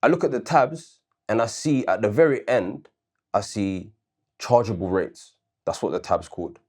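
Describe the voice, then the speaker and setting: A man's voice: on the low side, normal speed, darkish tone. A man co-hosting a casual debate show, arguing his point earnestly and backing it with questions and personal stories. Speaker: co-host.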